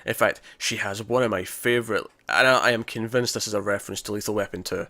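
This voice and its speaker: A man's voice: on the low side, fairly even intonation, fast talker, gravelly, pushed and bright, dry recording. A man co-hosting a casual TV review chat, rambling with restarts and quoted lines. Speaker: podcast co-host reviewing a TV episode.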